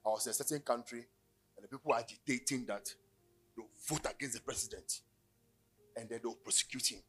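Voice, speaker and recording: A middle-aged Ghanaian man preaching a sermon, telling stories and joking, breaking into sudden loud bursts. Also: medium pitch, a little fast, faint music behind. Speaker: pastor.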